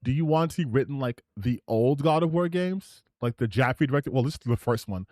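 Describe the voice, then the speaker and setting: Animated, rambling male streamer. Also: mid-range voice, fairly quick, dry recording, clean studio sound. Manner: animated and rambling, with many restarts. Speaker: streamer host. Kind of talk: live reaction commentary.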